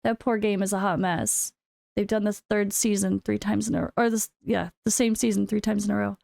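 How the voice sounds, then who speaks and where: A woman's voice: mid-range voice, fairly even intonation, moderate pace, vocal fry, a little mellow, dry recording, studio quality. An American woman, a full-time gaming content creator, talking candidly to her viewers in a casual vlog, with wry sarcastic asides. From United States. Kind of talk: casual chat.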